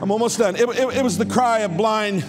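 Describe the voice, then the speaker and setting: High-voiced pastor preaching fervently. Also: male voice, brisk. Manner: fervent preaching, repeating phrases and rising to shouts. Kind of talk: sermon. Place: large church sanctuary. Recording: long church hall reverb with music behind.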